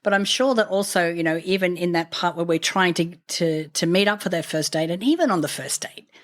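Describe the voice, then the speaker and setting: A woman with an Australian accent hosting an interview, friendly and quick to laugh. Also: on the low side. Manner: friendly, laughs easily, short agreeing replies. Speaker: host. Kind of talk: casual interview talk.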